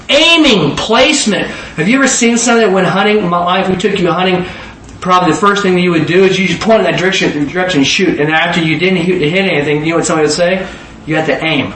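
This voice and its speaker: A preacher in his forties, fairly high-voiced and lively, talks conversationally and keeps questioning his listeners. His voice arrives from afar amid roomy echo, soft background ambience and a bit of hiss or hum.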